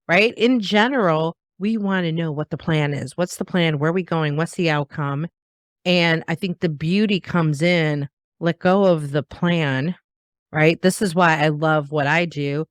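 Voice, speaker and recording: A woman hosting a podcast in casual conversation, animated, laughing often and acting out what others say. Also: low-pitched, no room sound, clean studio sound. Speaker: podcast host.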